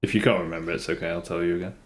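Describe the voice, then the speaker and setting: A British man chatting casually while streaming a game live, unhurried and dryly joking with his viewers. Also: low-pitched, fairly even intonation. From Britain. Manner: unhurried, chatty, answers chat with dry humour. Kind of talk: casual live gameplay commentary.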